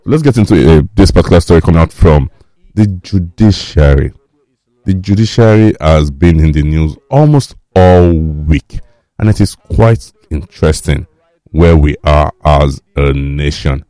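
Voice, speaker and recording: A Nigerian man hosts a radio talk show from the studio, his voice extremely low, dark and mellow. He talks through the news in a relaxed, wry way, pausing on fillers as he thinks aloud. The sound is close and dry. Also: no room sound. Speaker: radio host.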